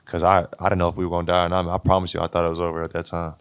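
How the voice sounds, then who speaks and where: Young man, very low voice, dry close mic, casual podcast storytelling, repeats himself. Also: racing, smooth, dry recording. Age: young adult. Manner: animated, repeats words, acts out quotes. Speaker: college basketball player guest.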